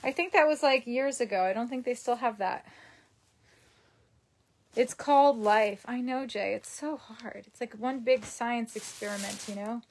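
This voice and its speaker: A woman's voice: fairly high pitch, moderate pace, hardly any pauses. A young woman chatting casually at home, answering live comments in a rambling way with lots of ums. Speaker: vlogger reading live comments. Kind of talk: casual live-stream chat. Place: her home.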